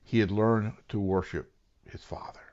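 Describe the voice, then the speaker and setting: Pastor guy preaching a sermon, lowish voice, earnest, whispers then gets loud, kinda dull lo-fi sound. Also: steady tone, moderate pace. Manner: earnest, dramatic, swings between hushed whispers and raised emphatic lines.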